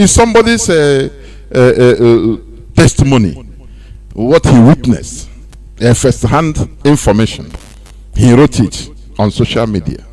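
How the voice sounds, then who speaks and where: A Nigerian man giving animated radio commentary, laughing often and slipping into Pidgin. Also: medium pitch, a little slow. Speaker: radio presenter.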